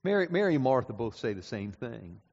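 A male pastor preaching a sermon, moving from quiet, slow passages to loud, climactic ones. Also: mid-range voice, very animated, slightly rough. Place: church sanctuary. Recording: dull sound with long reverb in a hall.

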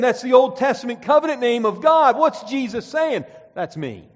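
A man with a fairly high voice preaches, reading verses aloud and driving home each point. His words ring out with a long reverb, as in a church sanctuary. The recording sounds slightly dull. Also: sing-song, normal speed, few pauses. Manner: emphatic, rising and falling, reads scripture aloud. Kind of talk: sermon with scripture reading.

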